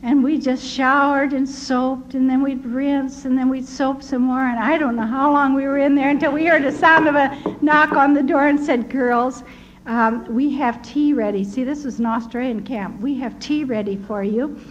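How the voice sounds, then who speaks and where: An older woman giving her personal testimony as a story, quoting the people she met and laughing softly now and then. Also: high-pitched, fairly even intonation, normal speed. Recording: dull lo-fi recording with faint hiss.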